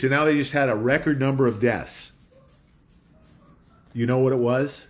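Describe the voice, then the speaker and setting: A man's voice: medium pitch, moderate pace. A man hosting a casual talk show from home, rambling in a conspiratorial monologue with a dog nearby.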